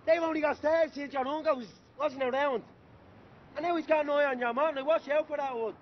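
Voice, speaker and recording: A man's voice: very high-pitched, steady tone, a little fast, highs cut off, a little hiss or hum. An actor playing a swaggering young male gang leader who swears freely and bosses his friends around. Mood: cocky. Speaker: gang member.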